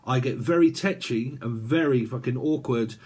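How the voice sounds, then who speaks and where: A man reads tarot cards in a loose, chatty way, circling back and repeating himself as he goes. His voice has a husky grain, and he sits in a middle pitch for a man. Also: normal speed, a little mellow. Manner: rambling and repetitive, chatty with frequent fillers. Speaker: tarot reader. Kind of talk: casual spoken tarot reading.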